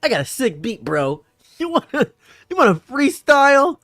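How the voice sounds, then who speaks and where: A man's voice: very high-pitched, very animated, moderate pace, fairly bright tone, no echo, clean studio sound, pitched above the performer's own voice, heavily acted. A man voicing a corny, stiff guy who offers a beat to rap on, using awkward, overly formal slang.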